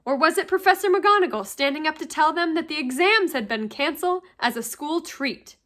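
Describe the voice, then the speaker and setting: A teacher reading a novel aloud to her class, with steady, expressive storytelling. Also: high-pitched, fairly quick.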